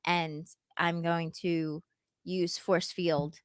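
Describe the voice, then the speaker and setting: A woman's voice: lowish voice, level tone, extremely slow, smooth, dry recording, clean studio sound. Playful woman player. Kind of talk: playing a tabletop game, casual.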